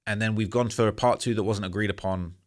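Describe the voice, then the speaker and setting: A low-voiced man speaking straight to his own channel's audience. He tells the story in a loose, rambling way and keeps circling back with "man" and "bro." He sounds frustrated but earnest. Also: fairly even intonation, fast talker. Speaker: YouTuber recounting a story to camera. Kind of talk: casual storytelling monologue.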